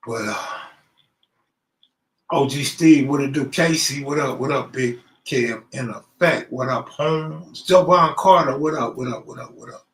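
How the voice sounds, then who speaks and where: A man from Los Angeles hosts a casual live stream by himself, chatting straight to his viewers in loose street slang. His voice sits at an ordinary pitch and rings a bit in an echoey room. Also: measured pace. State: out of breath. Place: room at home, alone.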